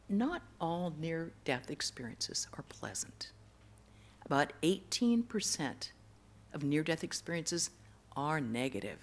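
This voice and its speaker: A woman giving a temple lecture, telling stories earnestly and going soft and hushed on tender words. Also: low-pitched. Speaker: monastic lecturer. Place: temple hall.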